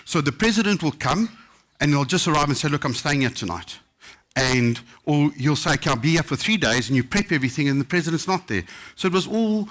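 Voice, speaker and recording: Man telling a lively story. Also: a little high. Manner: anecdotal, lively storyteller acting out quotes. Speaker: chef. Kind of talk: casual storytelling talk. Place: book festival stage.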